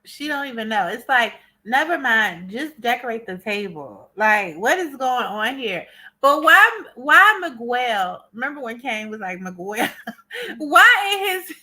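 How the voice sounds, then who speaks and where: A woman co-host with a bright, high voice that swoops all over as she reacts. She laughs a lot and throws in quick comments during a casual show recap. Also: big pitch swings. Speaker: podcast co-host.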